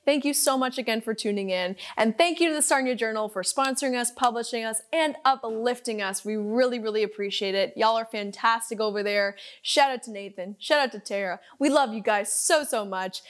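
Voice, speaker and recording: A woman's voice: on the high side, brisk, hardly any pauses. A young woman with a Canadian accent hosting a casual podcast interview, bubbly and effusive, agreeing often. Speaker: podcast host.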